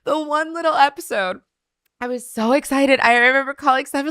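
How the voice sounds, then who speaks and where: A woman's voice: high-pitched, a little fast, no echo, clean studio sound. A woman from Canada, a guest in casual chat, telling stories with frequent laughter and acting out the people she quotes. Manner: laughs often, animated storytelling, acts out quoted voices.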